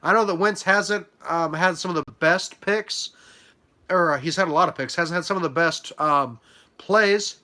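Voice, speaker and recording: A man's voice: a little high, moderate pace, pushed and bright. A young man with a stuffy nose from allergies, chatting casually on a live stream as he reacts to draft picks and hands out grades, with lots of ums and uhs. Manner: chatty, many fillers, hands out letter grades. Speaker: livestream host reacting to a sports draft.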